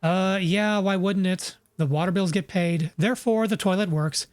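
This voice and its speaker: A man's voice: high voice, moderate pace, dry recording, clean studio sound, lightly acted. A man voicing an irritable woman showing a house, curt and dismissive. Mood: impatient.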